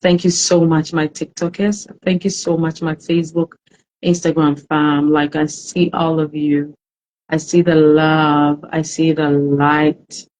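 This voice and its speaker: A woman hosting a live-streamed talk show, greeting viewers by name and chatting in a warm, emotional way. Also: sits low, level tone, measured pace, low-quality recording. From Ghana. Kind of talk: casual live-stream chat.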